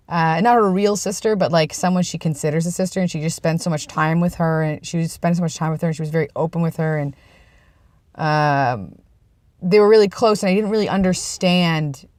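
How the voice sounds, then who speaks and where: A young man with a fairly high voice records a casual personal vlog outdoors, just before heading inside. He's earnest and rambling, frequently restarting his sentences, and there's no room sound.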